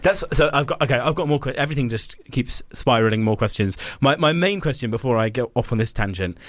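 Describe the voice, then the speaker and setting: A man hosting a podcast in casual chat, bantering and teasing with quick quips. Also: mid-range voice, animated, no room sound. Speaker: podcast host.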